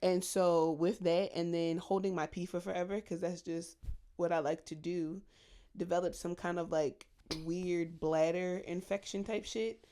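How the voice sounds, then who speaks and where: A woman co-hosting a podcast in casual chat, an animated storyteller who swears freely and acts out gossip in high mock voices. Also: unhurried. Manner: profane, slangy. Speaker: podcast co-host.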